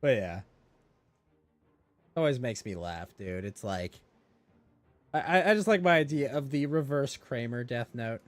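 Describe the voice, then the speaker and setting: A man's voice: medium pitch, animated, measured pace, long pauses. A man hosting a casual stream, ranting and mocking in a crude, joking way with bursts of laughter. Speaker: streamer host. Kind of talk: casual livestream chat.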